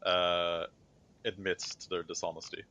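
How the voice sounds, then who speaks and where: A man's voice: low voice, little pitch movement, measured pace, sharp tone. A man voicing a stern male grand inquisitor who presides over a trial in a tabletop game, speaking in a formal, cold and judging manner. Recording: slightly dull lo-fi mic.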